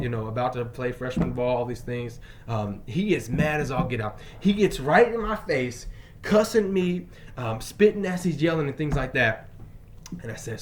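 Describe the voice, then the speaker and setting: Emphatic male teacher telling a story. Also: mid-range voice. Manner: emphatic, swings between loud bursts and quiet asides; frequent fillers and restarts. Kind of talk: personal storytelling monologue.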